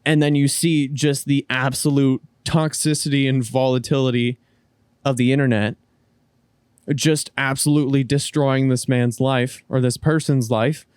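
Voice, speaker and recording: A man's voice: medium pitch, steady tone, moderate pace, darkish tone, smooth, no echo, clean studio sound. A man co-hosting a casual podcast, rambling through his point with frequent restarts and casual swearing. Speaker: podcast co-host.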